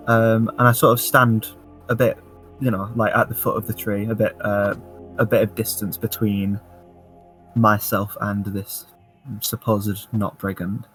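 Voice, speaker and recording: A man's voice: fairly low pitch, level tone, a little slow, soft background music. A man describing his character's actions in a tabletop game, hesitant and full of fillers. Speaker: player.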